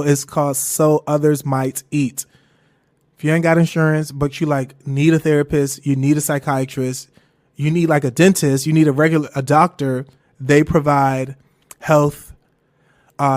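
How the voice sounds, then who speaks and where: A young podcast host shares a personal story in casual conversation, swearing freely and laughing along the way. His tone is darkish, and he slips into a high falsetto whenever he quotes himself.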